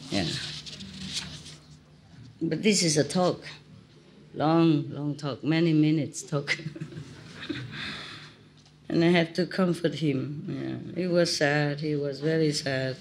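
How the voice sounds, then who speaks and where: A woman's voice: deep voice, slow, pauses often, background noise. A woman spiritual teacher giving an informal talk, telling stories in chatty, simple English and laughing often.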